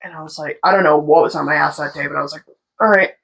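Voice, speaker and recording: A young woman who works as a tattoo artist tells a story casually and animatedly, swearing freely and mimicking the voices of the people in it. She speaks very fast in a low-pitched, gravelly voice with a breathy edge, and the recording is rough.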